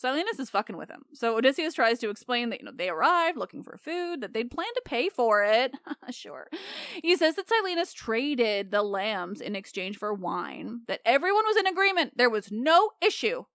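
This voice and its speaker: Irreverent, lively woman retelling myths. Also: a little high, moderate pace, no echo. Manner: chatty, irreverent, laughs often. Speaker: podcast host. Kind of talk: comic myth retelling.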